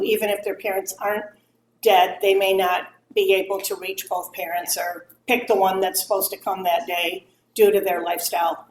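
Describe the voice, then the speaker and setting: In an echoey room with faint ambience and a little hiss or hum, a middle-aged woman speaks in a mid-range voice. She gives a candid, lively talk on grief to a moms' group, playing out the remarks people made to her.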